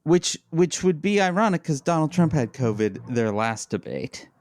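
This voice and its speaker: A man co-hosting a podcast, giving slow, deliberate commentary in casual chat. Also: fairly high pitch, sing-song, a little mellow, no echo. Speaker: podcast co-host.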